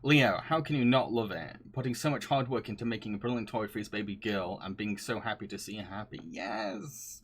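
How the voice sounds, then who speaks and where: A man's voice: fairly low pitch, fairly quick, few pauses. A man streaming live, chatting casually and reading viewer comments, often laughing and gushing with frequent restarts.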